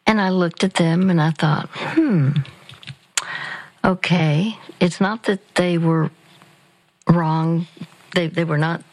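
An older woman giving gentle, measured Christian counsel on a call-in radio show. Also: lowish voice, steady tone, no room sound, low-quality recording. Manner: slow, gentle, measured, with fillers.

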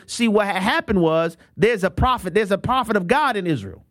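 A man with a high voice preaches with emphasis, often repeating himself as he restarts a thought. He delivers a radio sermon with an appeal for donations. The sound is dry and close. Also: a little fast, hardly any pauses, fairly bright tone, dry recording.

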